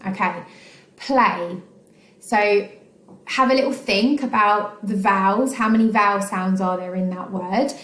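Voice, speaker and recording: An English woman teaching a recorded phonics lesson to children, patient and encouraging, with many ums and okays. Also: mid-range voice. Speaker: primary school teacher. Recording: echoey room.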